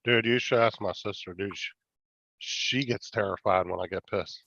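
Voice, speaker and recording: A man's voice: lowish voice, moderate pace, creaky, fairly bright tone, dry recording. A man, an uncle, talking bluntly and profanely in casual chat. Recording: dull dry lo-fi sound.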